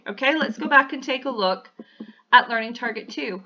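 Bright-voiced woman teaching. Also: a little high, lively intonation, normal speed. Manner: patient, checks in with "okay?". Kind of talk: classroom lesson voice-over. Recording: dull, lo-fi audio.

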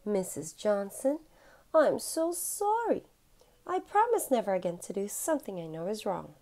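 A woman's voice: medium pitch, very animated, brisk, darkish tone. A woman voicing a remorseful young boy in a read-aloud storybook, eager and pleading. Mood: sorry, pleading. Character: young boy who ate a stolen apple, remorseful.

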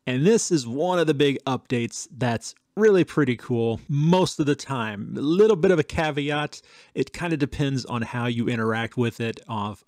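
A man hosting a tech channel, chatting casually through a software demo with some fillers and dictated test sentences. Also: mid-range voice, dry recording, clean studio sound.

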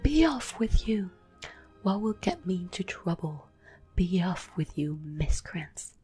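A woman's voice: fairly low pitch, unhurried, soft background music. A woman voicing a bitter, fierce peasant woman of about forty in a whispered role-play, lamenting and lashing out. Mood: furious. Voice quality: breathy whisper. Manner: lamenting, then shouting in anger.

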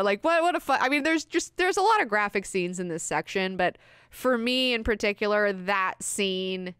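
Woman host, young adult, casual book-club recap, swears freely, smooth voice, dry close sound. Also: medium pitch, no room sound. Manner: profane, animated retelling with fillers. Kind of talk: casual book discussion lesson.

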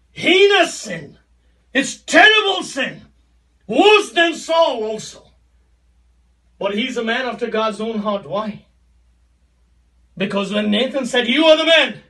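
A man preaching with a strikingly high, bright voice, swinging between hushed lines and shouting. He repeats his phrases for emphasis. He sounds set back from the microphone. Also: recorded from a distance. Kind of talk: sermon.

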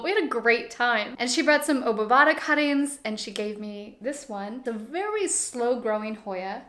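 Chatty young woman in an echoey room. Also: fairly high pitch. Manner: chatty and animated, swings between cozy hush and excited outbursts. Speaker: plant YouTuber. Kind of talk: casual plant tour vlog. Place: living room full of plants.

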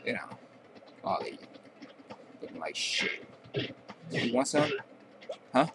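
A man's voice: mid-range voice, big pitch swings, slow pace, noisy background. A young man giving casual, profane trash-talking commentary while playing a video game. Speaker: gameplay commentator.

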